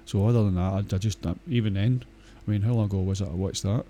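A man's voice: fairly low pitch, fairly even intonation, fast, warm tone, slight background noise. A Scottish man talking in a casual, rambling monologue, blunt and crude, swearing often and hesitating with many fillers.

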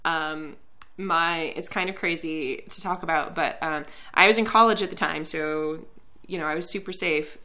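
A woman's voice: deep voice, moderate pace, pushed and bright. A young woman co-hosting a podcast, a little tipsy, talking earnestly in casual chat with many fillers and restarts. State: tipsy from drinking. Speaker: podcast co-host.

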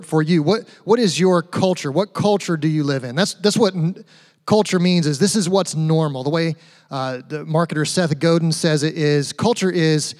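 Higher-voiced man preaching in a big echoey hall. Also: darkish tone. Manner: chatty, asks the audience rhetorical questions, light humor. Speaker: pastor. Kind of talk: conversational sermon. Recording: long reverb of a large hall.

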